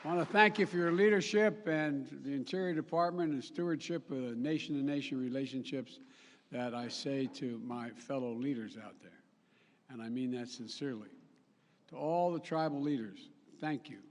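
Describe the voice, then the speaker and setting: An older man giving a formal public speech to an audience, rambling and correcting himself, with folksy asides. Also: a little high. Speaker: head of state giving a speech. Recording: live speech with long hall reverb.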